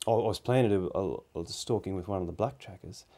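A man's voice: low-pitched, fast talker, mellow. A man, telling rambling anecdotes in a casual, easygoing podcast chat.

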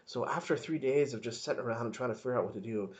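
A man's voice: medium pitch, rapid-fire. A man giving an informal devotional talk, earnest and conversational, often stopping and restarting his sentences. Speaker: podcast devotional speaker.

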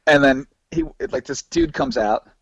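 A man telling road stories as a podcast guest, animated, laughing and swearing freely. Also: fairly high pitch, measured pace, vocal fry, slightly rough, no room sound. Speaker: podcast guest, former band hypeman. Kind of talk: casual storytelling interview. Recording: dull lo-fi dry recording.

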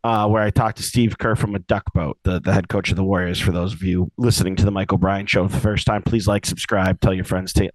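A man's voice: mid-range voice, no room sound, rough recording. A man from Western Massachusetts with a light Boston accent, co-hosting a podcast in casual, rambling, self-mocking comedic chat. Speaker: podcast co-host.

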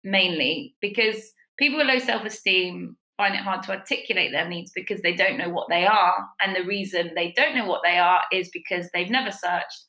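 Woman, bright voice, lively storyteller who leaps in pitch for quotes; roomy echo. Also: moderate pace, hardly any pauses. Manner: animated, acts out quotes with big pitch jumps. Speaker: podcast guest giving a relationship tip. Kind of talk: casual storytelling chat.

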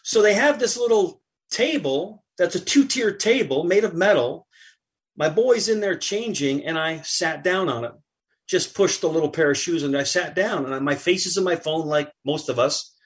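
A middle-aged man, a podcast guest, chatting casually and telling an animated anecdote while acting out what others said. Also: a little high, moderate pace. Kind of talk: casual chat, storytelling.

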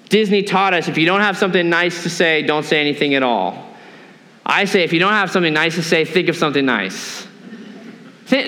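A man's voice: high-pitched, fairly bright tone, big-room sound. A male pastor preaching a sermon in a church, earnest and often asking the congregation questions. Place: church sanctuary.

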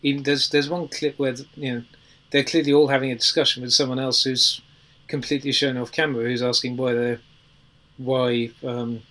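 A man's voice: mid-range voice, little pitch movement, normal speed, sharp tone, low-quality recording. A man on a podcast panel chatting casually, weighing his opinions with ums and qualifiers. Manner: thoughtful, qualifying opinions with fillers.

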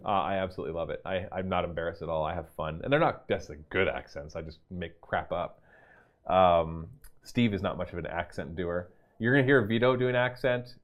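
Brief: low-pitched male host, casual and animated, reads out viewer questions, laughs easily. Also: brisk, highs cut off. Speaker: host and game master of a gaming store stream. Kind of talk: casual livestream chat answering viewer questions.

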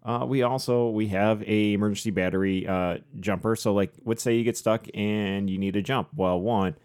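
This podcast co-host has a lowish, slightly mellow, clean-toned voice with fairly even intonation and normal speed. He keeps things casual and conversational, rambling and frequently laughing.

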